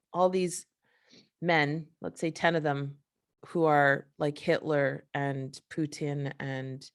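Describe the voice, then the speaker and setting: A woman host giving an emotional solo monologue, impassioned and profane, full of restarts and rhetorical questions. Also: low voice. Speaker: podcast host.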